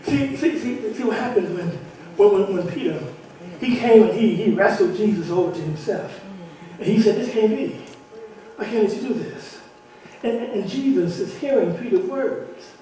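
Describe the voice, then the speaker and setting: A man preaching a sermon in a church, repeating words and building to shouts. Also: high-pitched, expressive, normal speed. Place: church sanctuary. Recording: echoey church hall from far off.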